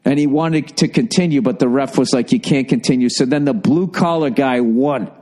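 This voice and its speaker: A man's voice: mid-range voice, moderate pace, a little mellow. Profane rambling male podcast host. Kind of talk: casual comedic monologue.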